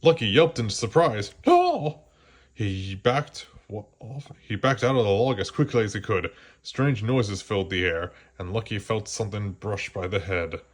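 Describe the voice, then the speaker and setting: A man reading a children's storybook aloud, gently slowing down for the suspenseful parts. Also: fairly low pitch, slightly rough. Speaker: storybook reader. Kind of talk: children's read-aloud narration.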